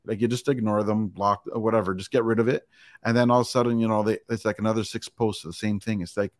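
A man hosting a podcast, telling stories in a relaxed way, full of fillers and asides. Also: fairly low pitch, quick pace, no echo, clean studio sound. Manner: relaxed storytelling with frequent fillers like "it's like". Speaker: podcast host. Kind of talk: casual podcast chat.

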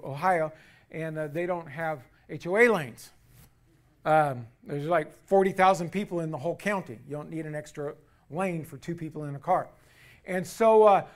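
A man preaching a sermon, reading scripture with emphasis and retelling a story with many fillers. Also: fairly high pitch. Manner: frequent fillers, swings from loud emphasis to quiet asides. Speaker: pastor.

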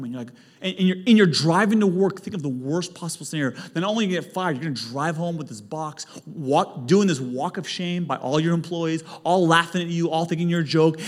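A male pastor delivering a lively sermon, swinging from quiet, intimate stretches to loud, emphatic peaks. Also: on the high side, brisk, few pauses. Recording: long hall reverb, faint music.

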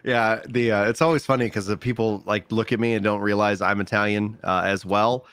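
Joking low-voiced man with Texan accent. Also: steady tone, fairly quick, fairly bright tone, smooth, dry recording. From United States. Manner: laughs often, loose joking delivery. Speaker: podcast co-host and stand-up comedian. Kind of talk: casual chat.

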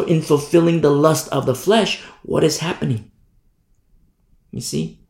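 A man's voice: a little high, gravelly. A man preaching a sermon in an emphatic way, often asking "you see?". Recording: echoey room.

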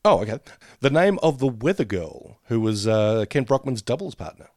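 A man's voice: mid-range voice, normal speed, no room sound, studio quality. A man co-hosting a podcast, joking and laughing his way through trivia questions. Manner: animated, jokey, laughs often. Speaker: podcast co-host. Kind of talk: casual chat, trivia quiz.

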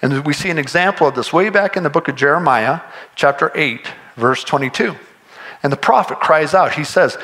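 Bright-voiced male pastor preaching. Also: a little high, a little fast, low-quality recording. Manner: earnest, conversational preaching with restarts and rising emphasis. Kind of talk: sermon.

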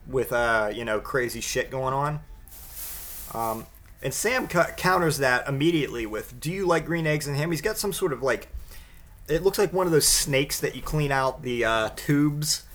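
A man giving casual comedic commentary on a picture book, wry and rambling, halting often with fillers. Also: medium pitch, a bit bright.

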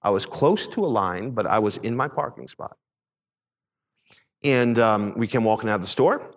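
A middle-aged man preaching a sermon, a pastor telling a personal story in a conversational, animated way. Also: in a large hall. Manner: conversational preaching, animated retelling with quick pitch swings.

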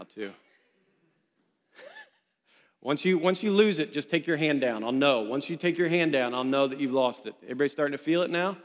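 A man preaching a sermon to his congregation, passionate and building to shouted refrains. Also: medium pitch, lively intonation, normal speed. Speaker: pastor. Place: church hall. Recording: long hall reverb.

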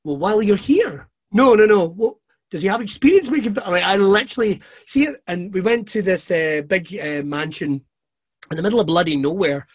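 A man from Scotland, a guest telling animated, profane stories in casual chat. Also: high voice, a little fast, breathy edge. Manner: profane, animated anecdotes with laughter. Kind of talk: casual storytelling.

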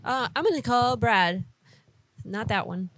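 A woman's voice: fairly high pitch, lively intonation, unhurried, fairly bright tone, no echo. Teasing woman co-host. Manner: teasing, laughing. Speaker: stream co-host. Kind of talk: casual live-stream chat.

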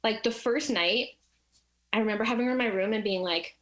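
A little fast and medium in pitch, a woman recounts a personal story in casual chat. She stays animated throughout, acting out the voices of the people she describes.

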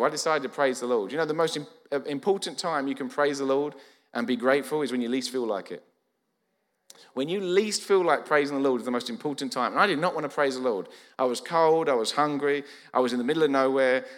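A man, preaching a sermon as a lively storyteller who acts out quoted dialogue. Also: mid-range voice. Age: 40s. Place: church. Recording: church hall reverb.

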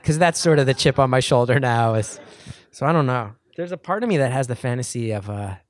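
A man's voice: mid-range voice, lively intonation, brisk, no room sound. A man in his late thirties, a comedian answering audience questions in a rambling, self-deprecating way, with lots of "like" and restarts. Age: 30s. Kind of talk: casual rambling Q&A talk. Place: live venue with an audience.

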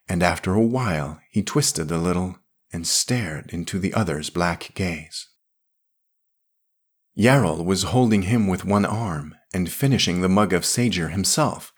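A man reading a pulp science fiction story aloud, dramatic and expressive. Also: low voice, husky. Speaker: podcast reader.

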